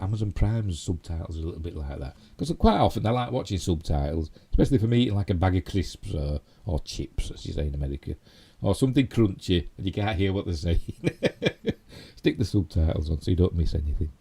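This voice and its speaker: A man's voice: low voice, lively intonation, fast talker, warm tone, husky. A middle-aged man with a Yorkshire accent, hosting a casual live stream and rambling chattily with self-mocking asides. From Yorkshire, England. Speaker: YouTube host.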